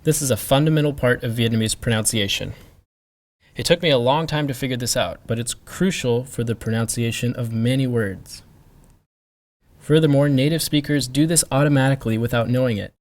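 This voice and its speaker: A man teaching a pronunciation lesson, explaining each sound deliberately and repeating sample words for the learner to hear. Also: mid-range voice. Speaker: language teacher.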